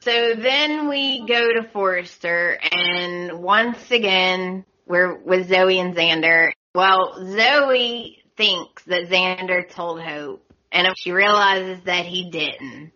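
A woman's voice: medium pitch, sharp tone, lo-fi sound. A woman hosting a podcast, chatting casually with exasperated opinions. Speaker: podcast host. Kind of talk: casual recap chat.

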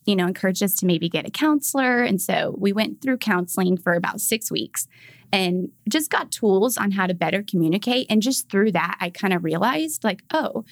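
A woman's voice: medium pitch, expressive, moderate pace, no echo. A young woman, a mother and podcast guest, telling casual stories and acting out quoted lines with big jumps in her voice.

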